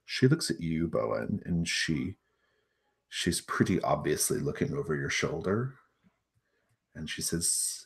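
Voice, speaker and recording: A man narrating a tabletop game as game master, relaxed and improvising with many fillers. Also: sits low, unhurried, gravelly, long pauses.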